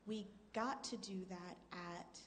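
A woman's voice: mid-range voice, slow pace. Woman co-host, upbeat chatty recollections, bit of hall reverb and faint hiss. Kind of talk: casual chat.

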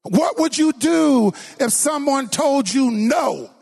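A man preaching a sermon as pastor, with call-and-response, sometimes shouting, sometimes singing his lines. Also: very high voice, lively intonation, takes it slowly, vocal fry.

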